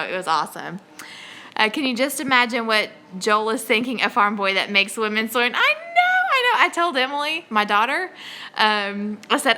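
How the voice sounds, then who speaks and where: Chatty, bright-voiced woman host. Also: medium pitch. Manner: chatty and excitable, rambling with many fillers. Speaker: homesteading channel host. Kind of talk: casual live-stream chat.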